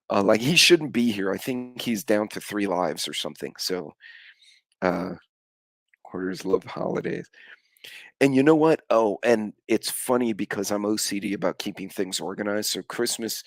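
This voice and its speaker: A man's voice: on the low side, dry recording. A middle-aged man, hosting a casual live stream chat and telling rambling stories with offhand swearing.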